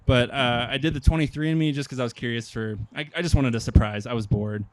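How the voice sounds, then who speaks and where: Hesitant deadpan young man doing stand-up. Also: medium pitch, fast talker, dry recording. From Nebraska. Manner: deadpan, hesitant with many ums. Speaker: stand-up comedian. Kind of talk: stand-up comedy set. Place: outdoor park stage.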